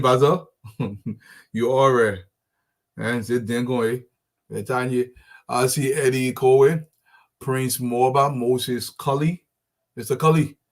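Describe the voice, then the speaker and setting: A man hosts a casual live show, greeting viewers by name in a friendly, rambling way with many fillers and restarts. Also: medium pitch. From Liberia. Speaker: show host.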